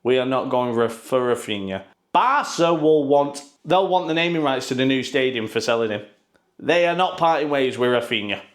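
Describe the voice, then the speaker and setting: A man's voice: mid-range voice, expressive, normal speed. A man giving casual, sarcastic football news commentary, full of swearing and mocking asides.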